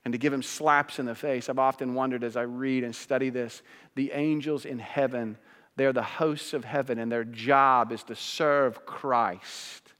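A man preaches from a church sanctuary in an ordinary mid-range voice. He drops to hushed, slow phrases, then climbs to loud, high peaks. His words ring out with a long reverb from the hall around him. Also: fairly even intonation. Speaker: pastor. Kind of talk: sermon.

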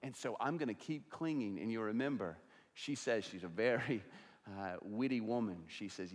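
A man preaching a sermon as pastor, swinging between loud passionate stretches and hushed, quiet ones. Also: on the low side, moderate pace. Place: church sanctuary. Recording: long reverb of a large hall.

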